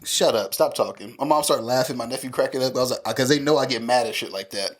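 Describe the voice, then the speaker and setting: A man around thirty tells family stories on a podcast in a casual, profane and animated way. His voice sits at a middling pitch for a man, and he laughs easily as he tells them. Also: quick pace. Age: 30s. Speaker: podcast co-host. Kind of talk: casual chat.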